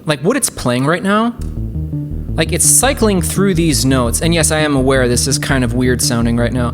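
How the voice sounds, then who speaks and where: A woman hosting a casual software tutorial, talking chattily and enthusiastically with lots of fillers. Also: low-pitched. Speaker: host.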